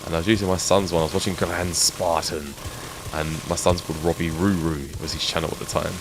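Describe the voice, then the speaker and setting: A man's voice: low-pitched, flat delivery, brisk, background noise. A middle-aged man with an English accent, chatting casually with his live-stream audience while he plays a game, reminiscing and laughing often.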